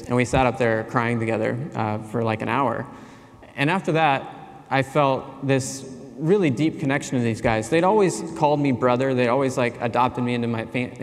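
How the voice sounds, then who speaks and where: A man in his forties speaks to a conference audience at an ordinary middle pitch, unfolding a personal story with earnest, self-deprecating pauses. His voice carries a long, ringing reverb from the large hall around him. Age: 40s. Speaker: keynote speaker.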